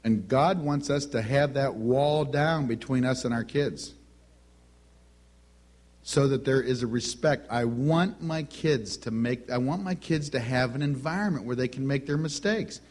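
Animated storytelling male preacher. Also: mid-range voice, a little slow. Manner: animated storytelling, acts out quoted voices. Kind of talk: sermon.

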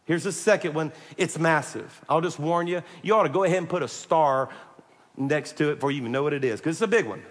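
A man preaching a sermon, animated and joking, pressing his points hard and calling out to the congregation. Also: fairly high pitch, quick pace, in a large hall. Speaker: pastor.

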